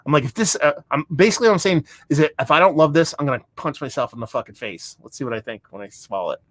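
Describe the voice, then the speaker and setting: A man hosting a livestream beer review, talking in a rambling, excitable, heavily profane way. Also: fairly high pitch, fast, no room sound. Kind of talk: casual livestream chat. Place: home room.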